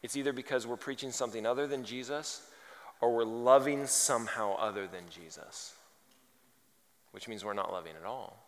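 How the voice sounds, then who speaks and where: A man preaching a sermon, telling funny stories and building to loud, emphatic points. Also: on the low side, creaky. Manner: animated, humorous, rising to loud emphasis. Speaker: pastor. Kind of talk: sermon with storytelling. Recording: reverberant large hall.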